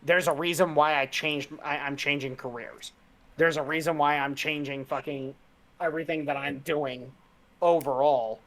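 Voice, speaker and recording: A man's voice: a little high, steady tone, moderate pace, a bit bright. A man co-hosting a casual podcast, talking in a heated, rambling and profane way. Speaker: podcast co-host.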